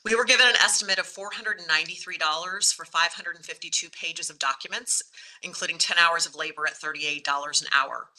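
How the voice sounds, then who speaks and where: A woman in her forties, a news director from Kansas, reading prepared testimony over a video call in a clear, steady, formal way. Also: on the low side, fast talker, low-quality recording.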